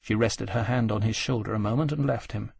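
A man narrating a novel in a measured, even reading. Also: lowish voice, gravelly, husky. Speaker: audiobook narrator. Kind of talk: scripted narration.

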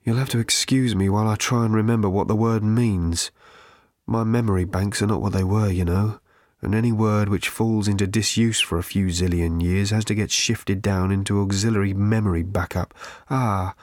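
A man voicing an ancient, depressed male robot that talks in a slow, croaking, hollow rattle full of self-pity. The reading is an audiobook. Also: lowish voice, fairly even intonation, a little mellow, no echo, studio quality, lightly acted. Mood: weary. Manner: slow, mournful, self-pitying drawl.

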